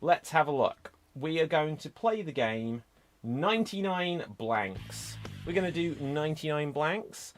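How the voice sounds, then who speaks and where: Brisk, chatty improv host, man. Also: a little high, lively intonation, faint music behind. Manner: brisk, chatty game explanations. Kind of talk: hosting an online improv show.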